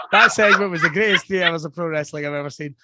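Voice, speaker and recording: A man's voice: a little high, brisk, heavy background noise. A man hosting a podcast, telling stories boisterously, swearing and laughing often. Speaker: podcast host. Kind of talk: casual chat.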